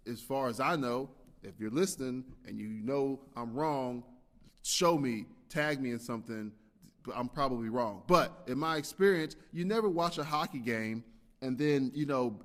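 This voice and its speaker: A man hosting his own podcast, rambling and animated, swinging between loud rants and quiet muttered asides. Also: medium pitch. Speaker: podcast host. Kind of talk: casual solo podcast monologue. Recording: long reverb from a hall-like room.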